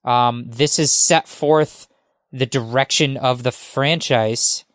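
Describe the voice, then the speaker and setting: A man's voice: mid-range voice, fairly even intonation, slow, fairly bright tone, no echo, clean studio sound. A man who is a guest on a podcast, talking casually and with enthusiasm, rambling and using many fillers.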